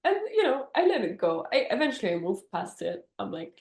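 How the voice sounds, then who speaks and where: Young woman telling a dramatic story. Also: medium pitch. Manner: animated storyteller with dramatic pauses. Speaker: podcast co-host. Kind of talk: casual chat, storytelling. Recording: roomy echo.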